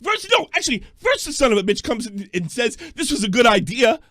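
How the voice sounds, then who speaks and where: A male call-in show host yelling and swearing at callers in a combative, profane rant. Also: very high voice, very animated, brisk, no room sound, studio quality.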